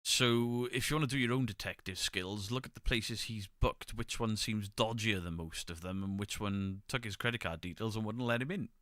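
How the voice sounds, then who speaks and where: Bright-voiced chatty man streaming live. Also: lowish voice, normal speed, few pauses, no room sound, clean studio sound. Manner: chatty, opinionated, swears freely. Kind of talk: casual live chat reading comments. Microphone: desk microphone, pulled close.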